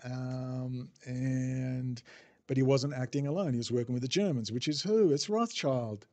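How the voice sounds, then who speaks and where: A man's voice: mid-range voice, unhurried, a little mellow. A man hosting a casual livestream, rambling off the cuff, swearing freely and answering viewer chat as he goes. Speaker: livestream host.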